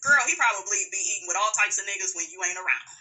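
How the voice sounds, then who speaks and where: A woman hosting a reality TV recap, gossiping casually with sassy put-downs and playful asides to her viewers. She drags some words out slowly for emphasis. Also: mid-range voice, pushed and bright, poor audio.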